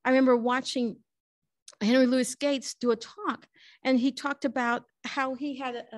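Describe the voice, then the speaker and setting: Earnest, halting woman lecturer. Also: high-pitched, level tone, dry recording, clean studio sound. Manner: earnest, halting, frequent restarts, laughs easily. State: tearful at times. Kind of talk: lecture Q&A, personal storytelling. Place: library lecture room.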